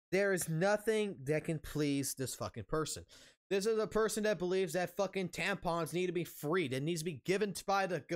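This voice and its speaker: A man streaming a casual rant, angry and heavily profane, blunt, repeating himself for emphasis. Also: sits high.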